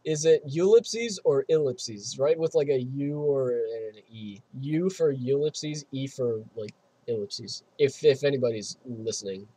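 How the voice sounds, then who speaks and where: A man with a slightly husky voice at an ordinary middle pitch, streaming a game from home. He reads the on-screen text aloud and breaks off into playful, rambling asides into a desk microphone. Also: moderate pace, few pauses, mellow, no room sound. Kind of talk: casual let's-play commentary, reading game text aloud.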